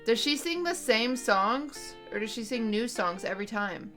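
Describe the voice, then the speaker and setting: A woman's voice: a little high, lively intonation, moderate pace, a bit bright, faint music behind. A woman livestreamer chatting with her audience from home at night, blunt and exasperated, swearing freely. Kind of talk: casual chat to a stream audience. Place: home at night, roommates nearby.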